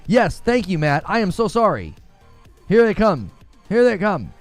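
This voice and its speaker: Man, livestream host, lively up-and-down delivery, slightly high voice, faint music behind. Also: unhurried, dry recording. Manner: animated, joking with chat, laughs often. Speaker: gaming channel host. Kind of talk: casual livestream chat.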